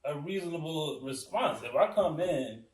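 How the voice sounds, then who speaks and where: A man in a casual discussion, pushing back calmly with questions. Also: on the high side, moderate pace, far from the mic. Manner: questioning, reasonable pushback. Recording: echoey room, off-mic.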